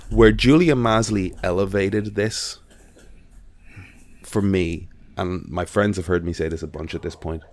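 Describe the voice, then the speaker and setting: Deep-voiced man telling a story. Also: measured pace. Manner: animated storytelling, acting out quoted voices. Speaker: podcast guest. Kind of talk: casual chat.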